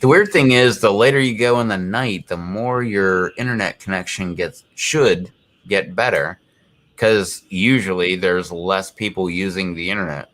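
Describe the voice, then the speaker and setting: A man's voice: low voice, unhurried, a bit bright. A man chatting casually on a live stream from his home, rambling through a story with lots of fillers. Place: home, indoors.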